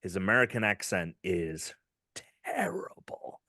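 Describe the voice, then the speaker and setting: Low-voiced British man, rambling chat. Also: big pitch swings, measured pace, pushed and bright, no room sound, clean studio sound. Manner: rambling, filler-heavy, enthusiastic retelling. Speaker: podcast co-host. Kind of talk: casual gaming podcast chat.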